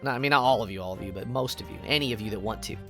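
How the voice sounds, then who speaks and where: A woman's voice: extremely low pitch, rapid-fire, faint music behind. A woman streaming a game, giggly and playful, chatting with viewers. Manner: giggly, playful, reads chat.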